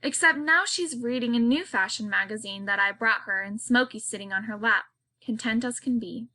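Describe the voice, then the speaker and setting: A woman narrates an audiobook in a girl's first-person voice, telling the story steadily. Her tone is bright and a little high. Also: moderate pace.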